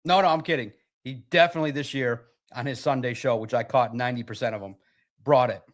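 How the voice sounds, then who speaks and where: A man hosting a casual sports talk livestream, excitable and rambling, with a slightly raspy voice. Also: medium pitch, quick pace. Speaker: podcast host.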